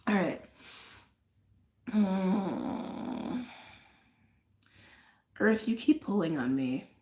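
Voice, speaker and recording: A woman giving an intuitive tarot and astrology reading in a casual, effusive way, repeating phrases and trailing off into soft asides. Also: mid-range voice, lively intonation, extremely slow, echoey room.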